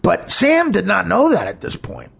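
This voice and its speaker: A man's voice: sits high, huge pitch swings, normal speed, vocal fry, fairly bright tone, breathy edge. A man, a comedian hosting a podcast, telling a candid personal story in a blunt, emphatic, heated way.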